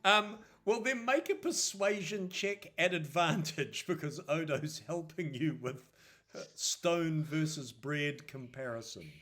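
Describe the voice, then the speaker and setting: A man narrating a tabletop role-playing game as game master, pausing often with fillers. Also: a little high, expressive, a bit bright. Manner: hesitant, many fillers.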